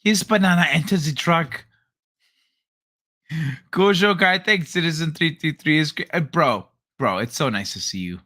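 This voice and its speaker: A man's voice: on the high side, animated, moderate pace, sharp tone. A middle-aged man hosting a late-night livestream, chatting loosely with his viewers, joking and swearing freely. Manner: loose, profane, joking with chat. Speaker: livestream host. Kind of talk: casual late-night stream chat.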